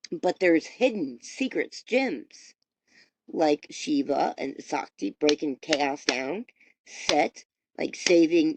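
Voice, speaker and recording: A woman's voice: fairly low pitch, vocal fry, darkish tone, dry recording. A woman hosting a podcast, giving a rambling, profane, motivational spiritual pep talk. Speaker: podcast host. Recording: dull lo-fi recording.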